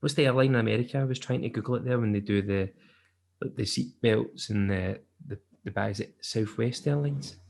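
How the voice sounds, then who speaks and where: A man's voice: mid-range voice, brisk, gravelly, darkish tone. A man from the United Kingdom hosting a podcast, chatting in a joking, self-deprecating way. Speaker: podcast host. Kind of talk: casual podcast chat.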